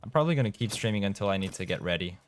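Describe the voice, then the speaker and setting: A man's voice: lowish voice, lively intonation, rapid-fire. A young man from Europe, chatting casually on a game live stream, reading out and answering chat and laughing often. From Eastern Europe. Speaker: gaming streamer.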